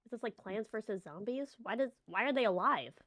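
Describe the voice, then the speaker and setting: A woman's voice: fairly high pitch, lively intonation, brisk, a bit bright, no room sound, studio quality. A young woman co-hosting a casual reaction stream, teasing and sarcastic, often laughing. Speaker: co-host. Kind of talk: casual live comic reaction.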